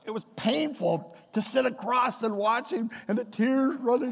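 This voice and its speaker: A man with a high, gravelly voice preaches a sermon in a church. He moves between homely storytelling and emphatic, building appeals to the congregation. His voice rings out with a long hall reverb behind it. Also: big pitch swings, normal speed, few pauses, fairly bright tone. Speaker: pastor.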